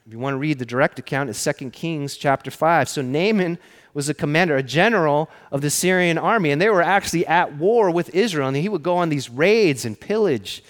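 A man preaching a sermon, telling the stories conversationally and often dropping to hushed, emphatic phrases. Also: fairly high pitch. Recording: long hall reverb.

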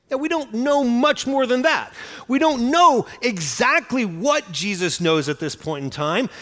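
A man's voice: high-pitched, fairly bright tone. A man preaching a Bible sermon in a conversational teaching manner, often checking in with "right?". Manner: conversational, tags points with "right?". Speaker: pastor. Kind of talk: expository sermon. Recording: long hall reverb.

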